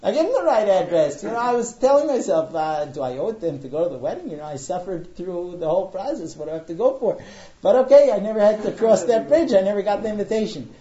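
A middle-aged man, a matchmaker, telling a story in a casual, animated way with frequent hesitations. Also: high voice, fast talker. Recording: dull lo-fi audio.

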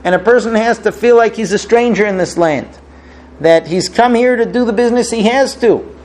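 A man's voice: high voice, moderate pace, darkish tone, low-quality recording. A man giving a religious talk, telling a parable and acting out its dialogue with rising emotion. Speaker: rabbi. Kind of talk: sermon with a parable.

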